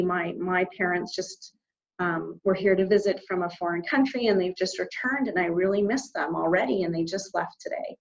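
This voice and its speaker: A woman from Canada, an interview guest, telling a personal story in a heartfelt, reflective way, pausing and restarting as she goes. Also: on the low side, fairly even intonation, dull audio.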